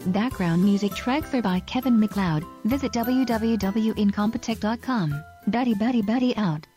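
A woman's voice: mid-range voice, moderate pace, warm tone, faint music behind. A woman voicing a profane station promo, brash and mocking. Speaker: show promo voice.

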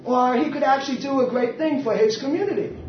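A woman's voice: high-pitched, fast. A woman activist speaking bluntly and defiantly at a public meeting, telling stories with animation. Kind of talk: impassioned live talk. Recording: echoey hall, distant mic, dull sound, faint hiss.

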